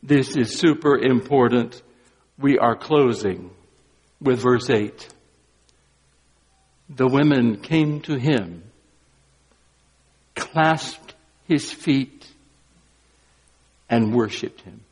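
Exuberant preacher in a reverberant hall. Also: male voice, medium pitch, extremely slow, pauses often, breathy edge. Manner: swings from quiet emphasis to exuberant exclamations, briefly sings. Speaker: pastor. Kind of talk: Easter sermon.

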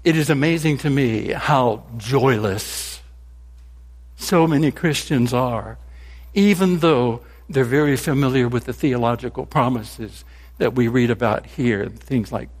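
A male pastor preaching a sermon in a church, animated and telling joke stories. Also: mid-range voice, unhurried. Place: church sanctuary. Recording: long reverb in a large hall.

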